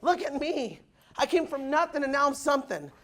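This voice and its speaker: A man giving a loud, punchy motivational speech to new recruits, asking the crowd if they follow him, with the audience answering back. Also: very high voice, sing-song, a little fast. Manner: acts out quoted people in changed voices. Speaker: motivational speaker at recruit orientation. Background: audience responding.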